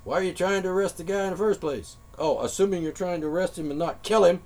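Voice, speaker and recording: A slightly high-voiced man rants at his audience in a heated, confrontational monologue. He swears often and presses his points with rising force. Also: fast talker, a little mellow. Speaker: vlogger. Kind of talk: angry monologue rant.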